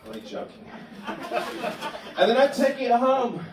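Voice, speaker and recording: A man doing a stand-up comedy set in a club, telling absurd stories deadpan. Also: very high-pitched, slow, a loud crowd, heavy background noise. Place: comedy club bar room. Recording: echoey club room from a distant mic.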